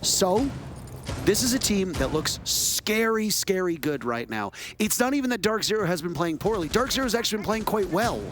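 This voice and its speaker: A man casting an esports match play-by-play, excitable and jokey, pitching up sharply on big plays. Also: moderate pace, noisy background. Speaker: esports caster. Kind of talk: play-by-play commentary.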